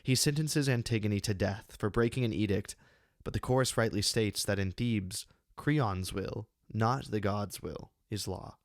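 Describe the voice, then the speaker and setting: A man reading his own essay on a classic play, measured and deliberate, with slow emphatic pauses, close to a studio microphone. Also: fairly low pitch, no room sound. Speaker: channel host giving a literary analysis.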